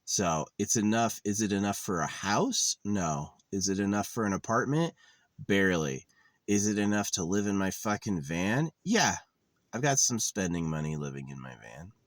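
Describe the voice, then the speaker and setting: A man's voice: low-pitched, lively intonation, moderate pace, no echo. A man in his thirties vlogging in a meandering, sardonic monologue, swearing casually as he goes. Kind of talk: rambling monologue. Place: lives in a van.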